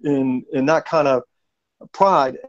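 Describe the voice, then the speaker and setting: A man's voice: mid-range voice, slow. A middle-aged man hosting a casual podcast conversation about martial arts, telling stories and acting out jokes. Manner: storytelling, acts out joke voices. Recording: dull lo-fi podcast audio.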